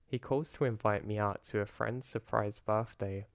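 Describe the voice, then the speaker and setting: A man calmly narrating a first-person horror story in a low-key way. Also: normal speed, creaky, no room sound. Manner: calm, low-key retelling.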